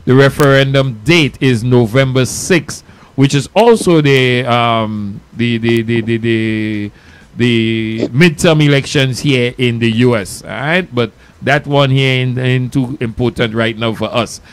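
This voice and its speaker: Smooth-voiced man hosting a radio show. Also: medium pitch, measured pace. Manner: animated, loose, laughing banter. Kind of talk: casual radio talk.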